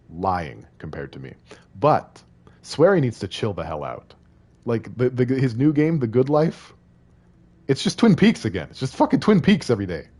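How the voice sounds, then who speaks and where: Male streamer, low voice, lively melody, playful rambling chat with viewers. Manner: rambling and playful, talking to chat and reading game text aloud. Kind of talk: casual live-stream chat while playing.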